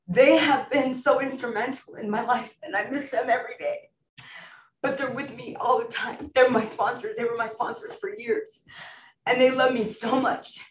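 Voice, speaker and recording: A woman's voice: sits high, a little hiss or hum. A middle-aged woman giving a personal testimony at a support meeting, earnest and emotional, laughing often. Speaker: recovery meeting speaker. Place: meeting room. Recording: echoey room, recorded from far off.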